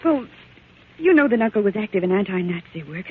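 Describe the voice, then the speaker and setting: A woman's voice: medium pitch, expressive, fairly quick, lightly acted. An actress in a 1940s radio drama playing a young woman whose uncle was murdered, with an anxious, pleading delivery that comes close to tears. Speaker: niece of a murder victim. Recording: tinny old radio broadcast, faint hiss.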